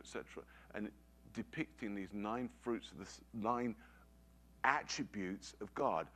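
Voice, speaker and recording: A man's voice: on the low side, a bit bright. A man preaching a sermon, telling a personal story with earnest conviction and pressing his points with emphatic repetition.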